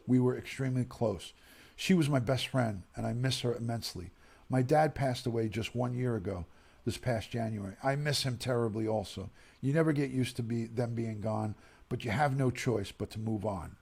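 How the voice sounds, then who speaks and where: Grieving middle-aged man with a gravelly voice. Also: mid-range voice. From United States. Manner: soft-spoken, emotional, pauses and sighs. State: grieving, near tears. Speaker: streamer reading viewer messages. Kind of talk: emotional livestream reading.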